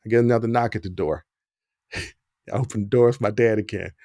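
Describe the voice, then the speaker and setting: A man hosting a podcast, telling a personal story in a casual, animated way. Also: on the low side, brisk, no room sound, clean studio sound. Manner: animated, acts out the quoted dialogue. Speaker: podcast host.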